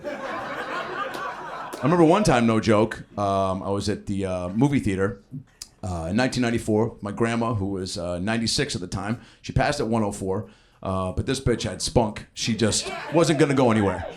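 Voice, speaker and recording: A man's voice: lowish voice, normal speed. A man in his thirties doing improvised stand-up in a comedy club, telling loose, profane stories and working the crowd. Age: 30s. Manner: loose, profane storytelling with lively voiced quotes. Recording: live club with crowd laughter. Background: audience laughing.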